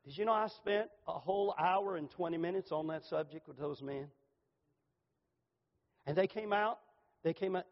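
High-voiced fervent preacher in a reverberant hall. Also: male voice, normal speed, long pauses. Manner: fervent preaching, rising emphatic pitch, hushed at invitation. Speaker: pastor. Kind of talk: sermon with altar call. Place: church sanctuary. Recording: long hall reverb, dull lo-fi sound.

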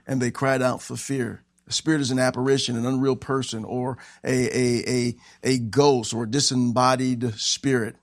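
A man preaching a sermon as pastor, animated and acting out the scenes he tells. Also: mid-range voice, moderate pace, no room sound, clean studio sound. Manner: animated, acts out scenes with shouting voices.

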